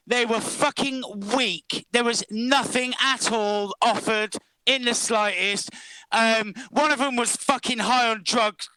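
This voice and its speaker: A man's voice: very high voice, pushed and bright, clear, resonant tone, dry recording, low-quality recording. A man on a casual online panel, blunt and crude, swearing freely with many ums.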